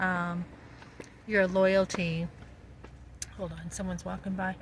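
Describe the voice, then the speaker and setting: A woman's voice: mid-range voice, sharp tone, a little hiss or hum, poor audio. A middle-aged woman talking bluntly and emphatically in a casual vlog, recorded outdoors on a phone. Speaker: vlogger. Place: outdoors on a street.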